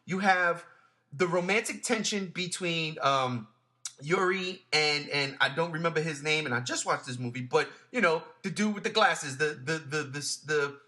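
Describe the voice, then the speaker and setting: A man's voice: a little high, normal speed, bright, forceful tone. A man hosting a casual film discussion, often stammering and repeating words while he searches for what to say. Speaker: podcast host.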